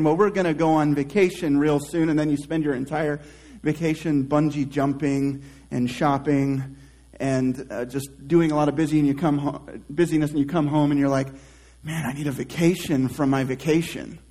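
A male pastor preaching a sermon, reflective and conversational, trailing off softly at the ends of phrases and restarting himself in casual asides. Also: on the high side, fairly even intonation, low-quality recording. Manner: slow, reflective preaching with drawn-out soft phrase endings.

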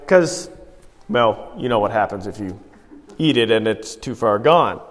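A man's voice: on the low side, expressive, unhurried. A man preaching a sermon, telling everyday stories in a conversational way and putting rhetorical questions to the congregation. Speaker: pastor. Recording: long hall reverb.

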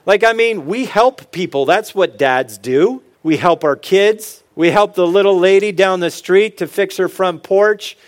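A middle-aged man with a somewhat high voice gives a humorous motivational talk to fellow dads. He jokes, tells stories and drops into earnest asides. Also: unhurried, hardly any pauses. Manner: joking, storytelling, earnest asides. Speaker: speaker on fatherhood.

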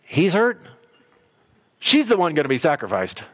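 A man's voice: on the high side, huge pitch swings, normal speed. A middle-aged man preaching a sermon in a conversational storytelling way, briefly acting out quotes. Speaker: pastor.

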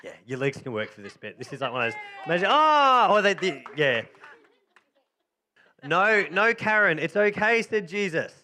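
Bright-voiced, jokey male preacher. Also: a little high, very animated, fairly quick, hardly any pauses, a little hiss or hum. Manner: jokey, chatty, encouraging. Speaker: pastor. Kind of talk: sermon with playful reenactment.

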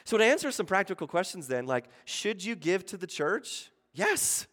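Chatty pastor preaching in a reverberant hall. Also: male voice, sing-song, normal speed. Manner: conversational, asks the room "right?" often; acts out quoted voices with sudden shifts in pitch and loudness. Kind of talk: sermon. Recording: long reverb of a church hall.

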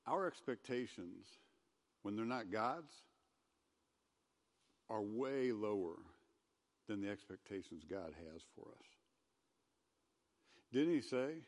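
A man giving a conversational sermon as a pastor, who gets loud and emphatic when he reads scripture aloud. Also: on the low side, lively intonation, slow, long pauses, in a large hall. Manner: conversational preaching, rising to loud scripture reading.

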